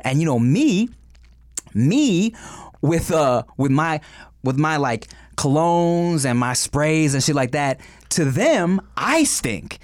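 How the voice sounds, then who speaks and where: Lively high-voiced joking man. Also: slow, no room sound, studio quality. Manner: joking, slips into put-on accents. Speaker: podcast co-host. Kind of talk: casual comedic chat.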